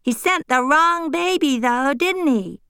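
A woman's voice: sits high, expressive, slow, no echo, clean studio sound, pitched above the performer's own voice, heavily acted. A woman voicing a curious, cautious young girl doll in a storybook. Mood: wondering. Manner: wondering, hushed at times.

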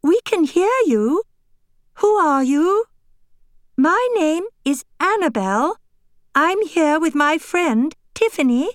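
An earnest young girl doll from a storybook, exclaiming in a slightly raised, lively voice, put on by a woman reading aloud. Her speech is slow and sing-song, recorded close and dry. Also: on the high side, dry recording.

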